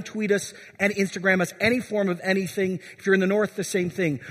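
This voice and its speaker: High husky guy preaching a sermon in a church, long echo. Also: a bit bright. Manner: exhorting, asks the congregation questions. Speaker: pastor.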